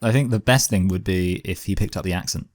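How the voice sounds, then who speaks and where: A man's voice: low-pitched, fast, a little mellow, no room sound. A man hosting a podcast, making dry, wry quips in casual chat. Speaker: podcast host.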